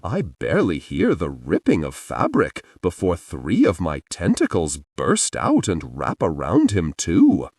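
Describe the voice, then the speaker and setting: A deep male voice narrating a first-person audiobook romance. He reads slowly and deliberately, yet his pitch swings widely with expression. The sound is dry and close to the mic. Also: wildly swooping pitch, a little mellow, no room sound.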